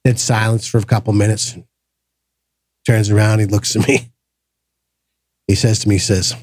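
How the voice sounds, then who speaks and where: A man hosting a podcast, telling a personal story in a casual, animated way and acting out the voices of the people in it. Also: fairly low pitch, normal speed, pauses often, dry recording. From grew up in the projects. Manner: animated storyteller, acts out quoted voices, frequent restarts. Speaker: podcast host.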